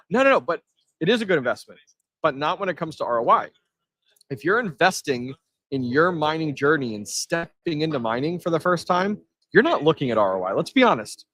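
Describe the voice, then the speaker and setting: A man hosting a live stream from an event floor, chatting casually and answering his chat with energy. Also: a little high. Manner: energetic, reads chat aloud, quick asides.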